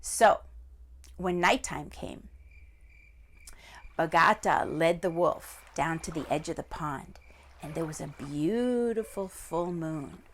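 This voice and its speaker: A woman librarian telling a children's story in an animated, expressive way. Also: sits low, takes it slowly, long pauses, slight background noise. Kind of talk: storytime read-aloud.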